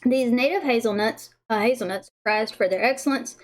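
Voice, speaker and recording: A bubbly woman chats casually on a livestream. Her voice sits a little high, she giggles easily, and she trips over words as she reads aloud. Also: normal speed. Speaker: livestream host tasting snacks.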